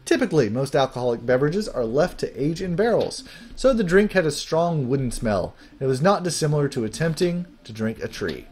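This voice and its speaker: A man's voice: on the high side, sing-song, brisk, darkish tone, soft background music. A man voicing a prim, proper female fairy adviser from a game, speaking in a formal, lecturing way. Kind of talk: reading game dialogue aloud.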